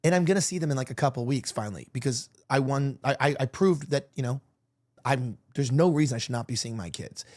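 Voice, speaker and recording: A man's voice: medium pitch, brisk, a little mellow. Rambling man hosting a chat show. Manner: rambling, emotional, with many restarts; provocative joking. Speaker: podcast host. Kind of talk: casual opinion chat.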